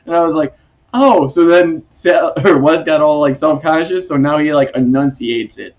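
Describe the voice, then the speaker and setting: A man's voice: on the high side, normal speed, muffled recording. A man hosting a casual podcast chat, rambling and laughing often. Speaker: podcast host.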